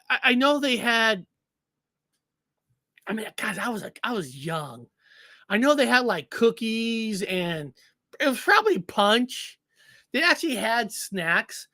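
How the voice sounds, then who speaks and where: Chatty co-host, male, who repeats words and laughs a lot; bright, forceful tone, dry mic. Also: sits high, dry recording. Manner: rambling, stammering repetitions, frequent laughs. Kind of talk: casual chat.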